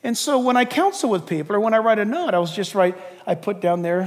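An older male pastor delivers a fiery sermon in a very high voice. He shifts from shouted emphasis to soft, conversational asides. His voice rings with long reverb in a large hall. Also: expressive, fast, hardly any pauses. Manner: impassioned, swings from shouting to quiet asides.

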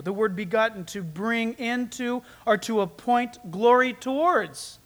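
High-voiced man preaching a sermon. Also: measured pace, few pauses. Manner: preaching with sudden loud peaks and quiet asides. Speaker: pastor.

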